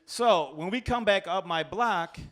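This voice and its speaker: Animated, swearing man telling a drunk story. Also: sits high, measured pace. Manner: animated, profane, laughing at himself. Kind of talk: live comedic storytelling. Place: Chicago storytelling stage.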